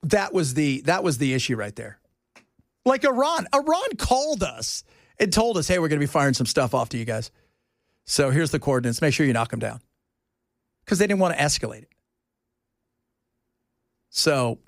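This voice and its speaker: A man hosting a talk radio show, rambling in a casual, animated way from topic to topic. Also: a little high, dry recording, clean studio sound.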